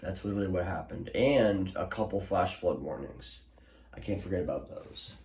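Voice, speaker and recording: A young man talks casually to his viewers, rambling, restarting sentences and filling gaps with ums. His voice sits low. The room around him is echoey. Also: moderate pace, darkish tone. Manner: rambling, many restarts and fillers. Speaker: weather alert vlogger. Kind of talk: casual recap to camera. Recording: roomy echo.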